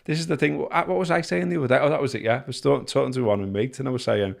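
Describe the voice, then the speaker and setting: A man with a Liverpool accent co-hosting a podcast, telling stories in a rambling, halting way with many fillers. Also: medium pitch, fairly even intonation, creaky. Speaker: podcast co-host. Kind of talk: casual chat.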